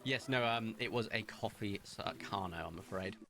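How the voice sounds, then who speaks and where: Against crowd noise, a young man with a fairly low voice talks at a moderate pace while he plays a streamed video game. His commentary is casual and meandering, full of chatty, lively storytelling.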